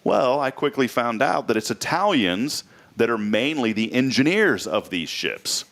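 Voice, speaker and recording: A man's voice: medium pitch, very animated, measured pace, fairly bright tone. A man hosting a local morning talk show, chatting casually and telling rambling, joking stories. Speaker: host. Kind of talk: casual chat.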